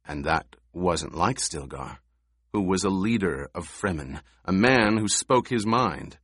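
Male audiobook narrator, very low voice, slow, dry close recording. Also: expressive, a bit bright, husky, no room sound. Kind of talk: scripted narration.

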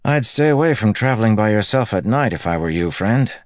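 A man's voice: fairly low pitch, lively intonation, fairly quick, no room sound, studio quality, voice pushed up, close to an everyday voice. A man voicing a sardonic, swearing male street fighter in audiobook dialogue, talking in a wry, exasperated grumble.

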